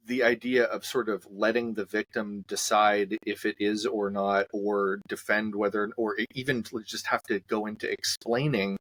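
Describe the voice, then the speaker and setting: Low-voiced man, dry close sound. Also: a bit bright, dry recording. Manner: thoughtful, hesitant, many fillers and restarts. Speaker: clinician and co-host. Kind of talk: conversational discussion.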